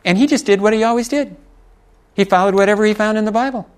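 Speaking at a quick pace with a clear, resonant tone, a middle-aged preacher from Texas tells folksy stories in his sermon. His voice runs a bit high for a man, and he chuckles and offers asides to the congregation.

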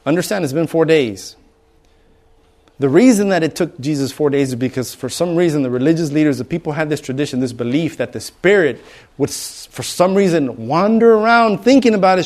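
A man's voice: a little high, expressive, a little fast, darkish tone. A middle-aged man preaching a sermon in a conversational way, acting out bystanders with humor. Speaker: pastor.

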